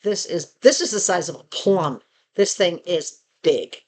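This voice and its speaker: Chatty Southern woman vlogging from home. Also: measured pace. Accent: Southern American. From Southern United States. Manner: chatty and expressive, rising to animated pitch when excited. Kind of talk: casual chat.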